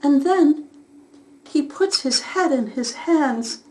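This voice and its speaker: A woman telling a children's story aloud, narrating in an expressive, unhurried way. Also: high voice, slight background noise.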